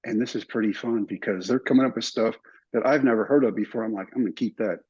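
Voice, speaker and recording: An older man telling stories in an interview, animated and acting out other people's lines. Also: lowish voice, fast talker, slightly rough. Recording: somewhat dull, muffled recording.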